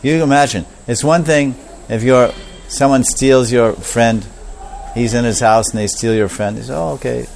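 A man preaching a storytelling sermon, animated and repetitive, acting out the voices of the characters. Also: medium pitch, moderate pace, slight background noise.

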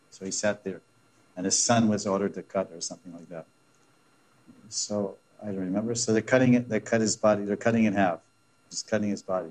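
A man teaching a scripture class, retelling a story with laughing asides and frequent restarts. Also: on the low side. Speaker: religious teacher.

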